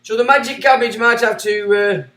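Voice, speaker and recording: A man's voice: very high-pitched, steady tone, normal speed, recorded from a distance. A man hosting a livestream, ranting sarcastically and reading out chat messages. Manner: ranting, sarcastic, swinging between loud and muttered. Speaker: livestream host. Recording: echoey room.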